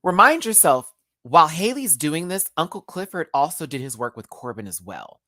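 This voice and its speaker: A woman's voice: low voice, sing-song, moderate pace, pushed and bright, dry recording, studio quality. A woman from the States, chatting and laughing often as she reviews a TV episode live from a home setup with a ring light. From Southern United States. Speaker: TV show reviewer.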